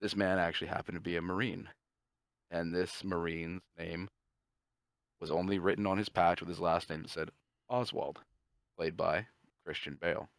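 Gravelly low-voiced man spinning a story. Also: fairly even intonation, no echo. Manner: profane, rambling, acts out characters' lines in quick asides. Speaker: podcast co-host. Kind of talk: casual storytelling, pitching a movie plot.

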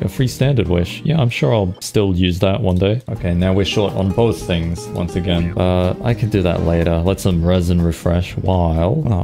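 A man's voice: low voice, creaky, warm tone. A young man giving casual, swear-laden gameplay commentary with playful sound effects. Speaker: gaming streamer.

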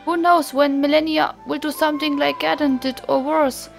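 A woman's voice: sits high, little pitch movement, normal speed, gravelly, faint music behind, voice pushed up. A woman with a German accent reading the lines of an earnest young female songstress who speaks formally and solemnly. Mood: troubled.

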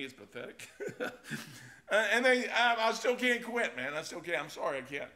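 A middle-aged man delivers a sermon in a folksy, conversational way. His voice sits a little high and rings bright and forceful. He swings from loud, driving swells down to quiet, intimate drops. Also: expressive, a little fast. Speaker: pastor.

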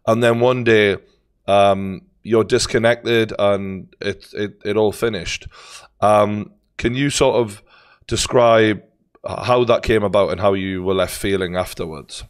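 A man's voice: lowish voice, steady tone, a little slow, clean tone. A man with a Geordie accent hosting an interview, asking long questions with many fillers and restarts. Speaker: podcast host.

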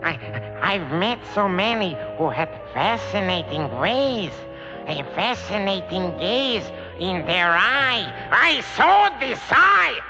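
A man singing as a creepy, soft-spoken strangler in a comic novelty song, with a creaky, wheezy voice. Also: sits high, very animated, takes it slowly, muffled recording, full character voice. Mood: creepy crooning. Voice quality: creaky, wheezy, sly impression voice. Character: creepy crooning male strangler, soft menacing accent. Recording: old record with band music.

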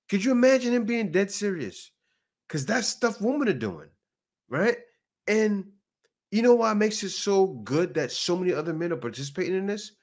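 A man hosting a reaction show, talking in a lively, swinging voice that sits a bit high. He comments casually on clips, asks rhetorical questions and laughs along. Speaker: reaction channel host.

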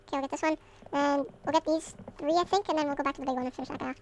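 A man's casual gameplay commentary sped up into a chipmunk voice, chattering with excited outbursts. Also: very high-pitched, very fast, a little hiss or hum, pitched above the performer's own voice.

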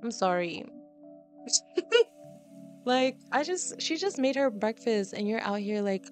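A woman's voice: on the high side, lively intonation, normal speed, soft background music. A woman giving casual, chatty gameplay commentary as a let's play host, dramatic and exasperated as she reacts.

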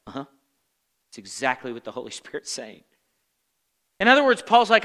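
In a church sanctuary, a pastor delivers a Bible study sermon at a fairly quick pace, pausing often. His bright, lively voice swings from pointed fill-in questions for the congregation to low, muttered impressions of complainers, all in an animated, conversational style. The audio carries a long hall reverb.

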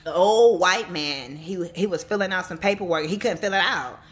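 A woman's voice: lowish voice, normal speed. Chatty woman giving a psychic reading. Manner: chatty, animated storytelling, addresses viewers directly. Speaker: psychic reader and life coach. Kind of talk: casual spoken reading to viewers.

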